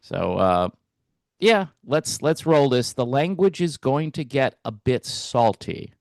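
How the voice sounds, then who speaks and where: A man hosting a music commentary channel, talking in a relaxed, hesitant way with wry asides. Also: mid-range voice, slow pace, vocal fry, no echo, studio quality. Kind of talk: casual reaction commentary.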